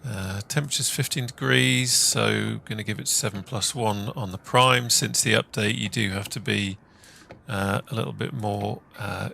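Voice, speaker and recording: Gravelly, bright-toned man. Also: fairly low pitch, moderate pace, a little hiss or hum. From England. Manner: relaxed, chatty, lots of "uh" fillers. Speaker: flight simulator video host. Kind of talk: casual gameplay commentary.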